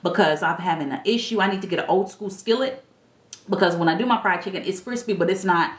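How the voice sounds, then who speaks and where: A woman's voice: lowish voice, quick pace. A woman speaking in a casual style, chatting bluntly and animatedly as a dating life coach on a livestream. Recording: echoey room.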